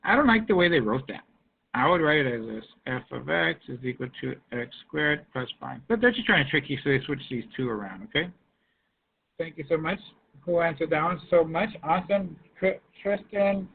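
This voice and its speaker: A man's voice: on the high side, lively intonation, brisk, creaky, slight background noise. A male math teacher giving an online class over a video call, coaxing students by name to answer in the chat. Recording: tinny phone-like line.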